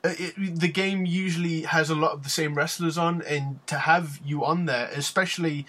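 A man's voice: on the high side, fairly even intonation, moderate pace, bright, forceful tone. A man hosting an interview podcast, eager and enthusiastic, with lots of fillers as he asks his questions. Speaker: podcast host. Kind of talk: casual interview.

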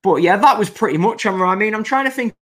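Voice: mid-range voice, expressive, fast. A podcast host, giving casual, opinionated commentary that rambles and restarts mid-sentence in an exasperated way.

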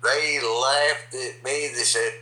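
A man's voice: medium pitch, fairly even intonation, slow, bright, forceful tone. A man with a North Carolina accent chatting casually on a podcast, folksy and full of "by God" and "I tell you what.". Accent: North Carolina Southern. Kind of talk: casual chat. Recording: roomy echo.

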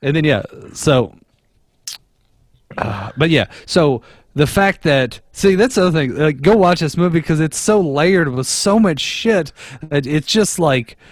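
A man co-hosting a casual podcast, retelling a movie in a rambling, profane, animated way. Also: fairly high pitch, measured pace, dry recording. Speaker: podcast co-host.

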